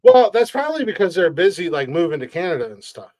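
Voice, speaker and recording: Brash, profane podcast host. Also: male voice, sits high, sing-song, quick pace, darkish tone, no room sound. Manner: brash, profane ranting with laughs. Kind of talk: casual comedy podcast chat.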